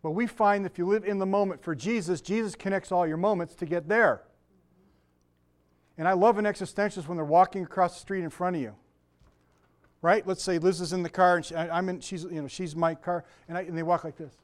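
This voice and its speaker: Chatty high-voiced man preaching a sermon. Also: fairly even intonation, brisk. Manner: conversational, chatty asides and self-deprecating jokes. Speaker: pastor.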